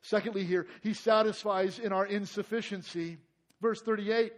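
A man preaching a sermon as pastor. He gets louder and higher when stressing a point, then drops to a soft, quiet tone in prayer. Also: steady tone, normal speed.

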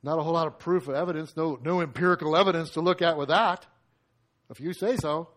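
Acting out the lines as he goes, a preacher brings a scripture story to life in a conversational, energetic sermon. He speaks fast with a fairly high pitch.

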